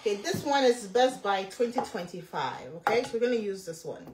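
A woman's voice: mid-range voice, sing-song, a little fast, over a noisy crowd. A woman who directs the cooking at home in a casual, bossy way. She gives instructions and teases. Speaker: co-host of a couple's vlog. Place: home kitchen. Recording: echoey kitchen, distant mic, background noise.

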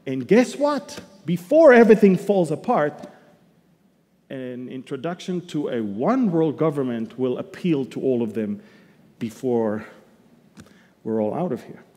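A man teaching the Bible as a sermon, emphatic, with sudden loud bursts and humorous asides. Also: mid-range voice, lively intonation, measured pace. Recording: long hall reverb.

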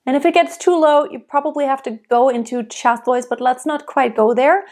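A woman from Germany, a vocal coach, giving a calm, measured singing lesson with sung examples. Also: sits high.

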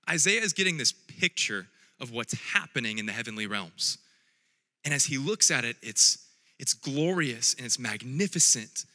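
A man preaching a sermon, reading scripture quietly and then building to loud, repeated calls. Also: fairly high pitch, in a large hall. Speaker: pastor.

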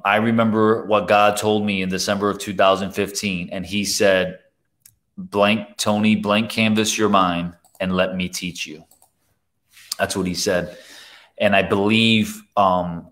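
A man with a low voice preaches a heartfelt sermon as the show's host. He talks in earnest bursts, repeating words as he gathers his thoughts, and often sinks into a soft, near-hushed delivery. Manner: often drops to a soft, quiet voice. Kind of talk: preaching to camera.

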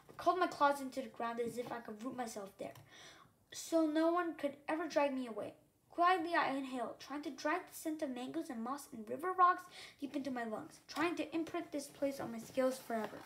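A woman's voice: high voice, normal speed, a bit bright, slight background noise. A woman reading a novel aloud in the first person, telling the story as the main character. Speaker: reader.

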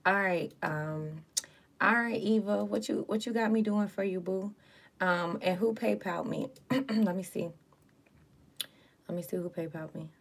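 A woman's voice: fairly low pitch, vocal fry. Chatty woman doing a live card reading. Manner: chatty, swears, greets viewers with slang. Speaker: live tarot card reader. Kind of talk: casual livestream card reading.

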